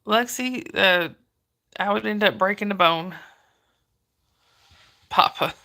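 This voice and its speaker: Zuid-Amerikaanse vrouw, krakerige stem. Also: female voice, medium pitch, slow, vocal fry, bright, forceful tone. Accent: Southern US. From Georgia, US. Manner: chatty, greets viewers by name, laughs often. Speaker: livestream host. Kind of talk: casual live chat reading viewer comments.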